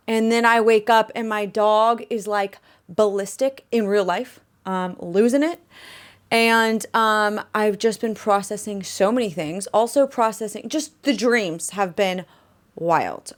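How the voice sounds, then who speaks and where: A young woman speaks at a middle pitch in a candid, rambling vlog, recorded close to the mic in her bedroom. She talks chattily and keeps circling back with fillers and self-corrections. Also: takes it slowly. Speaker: vlogger and musician.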